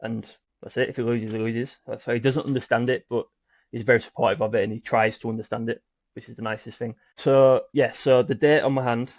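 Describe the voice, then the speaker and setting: A young British man telling his own recovery story as a guest, in a halting way with repeated words and many fillers. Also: medium pitch, little pitch movement, darkish tone, no echo. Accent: British English. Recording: dry, muffled audio.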